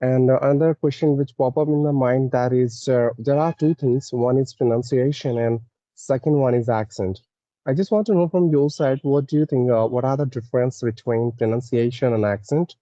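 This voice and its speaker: A man asking interview questions politely, pausing often. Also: mid-range voice, warm tone, dry recording, highs cut off. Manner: hesitant, many "uh" pauses, polite.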